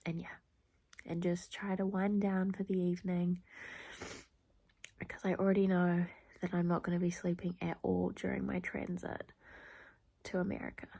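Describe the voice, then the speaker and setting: A young woman with a congested nose, chatting casually to camera in a hushed, rambling way full of fillers, indoors at night. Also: fairly low pitch, little pitch movement, moderate pace, creaky, pauses often. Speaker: vlogger. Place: indoors at a relative's home at night.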